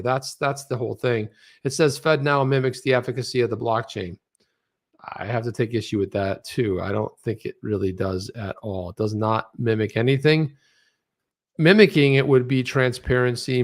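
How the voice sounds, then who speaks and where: A man co-hosting a crypto talk livestream, talking casually and sarcastically, often slipping into mocking quoted voices. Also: mid-range voice. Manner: animated, sarcastic, mimics people in quoted voices. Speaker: co-host of a crypto talk show.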